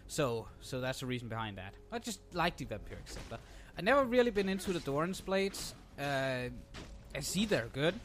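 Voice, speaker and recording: A man's voice: on the high side, sing-song, moderate pace, a bit bright. A young man commenting casually on his own gameplay, sarcastic and ranting, swearing freely.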